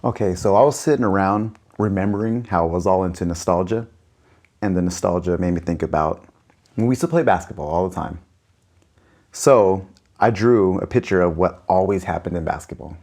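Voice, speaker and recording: A man co-hosting a comedy podcast, chatting casually with dry, deadpan jokes. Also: low voice, a little fast. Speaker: podcast co-host.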